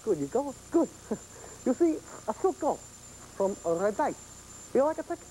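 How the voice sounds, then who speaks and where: A man's voice: extremely high pitch, very animated, moderate pace, mellow, slight background noise, low-quality recording. A man in a put-on Polish accent voicing a bumbling male stage magician who talks in broken English. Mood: showy. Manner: broken English, chuckling, showy. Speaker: TV horror host doing magic. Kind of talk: 1970s TV horror host performance.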